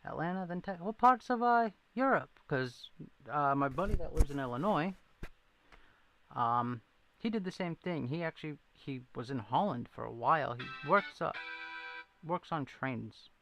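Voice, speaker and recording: Gravelly, rambling livestream host. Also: male voice, fairly high pitch, animated, unhurried, over music. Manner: rambling storyteller, laughs often; says he needs his glasses to read chat. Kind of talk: casual livestream chat reading comments.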